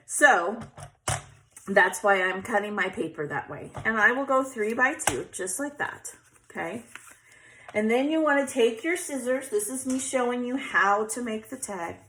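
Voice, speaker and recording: A woman's voice: a little high, unhurried, a bit bright, a little hiss or hum. A chatty woman, hosting a casual crafting tutorial and often checking in with "okay?".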